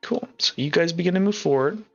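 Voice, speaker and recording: Casual male game master, bright, slightly high voice, dull lo-fi mic with faint music behind. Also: fairly quick, gravelly. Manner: casual, many filler words. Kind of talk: narrating a tabletop game.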